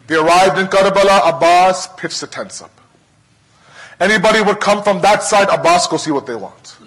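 High, bright-voiced impassioned male preacher. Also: normal speed, a little hiss or hum, rough recording. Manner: impassioned, dramatic retelling with repetition. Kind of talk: emotional storytelling sermon.

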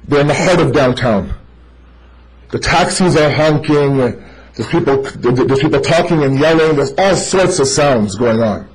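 Man, high voice, preaching a lively, story-driven sermon straight at the congregation. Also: unhurried, faint music behind, poor audio. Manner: animated, addressing listeners directly as brother; tells stories to make a point. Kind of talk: sermon to a live audience.

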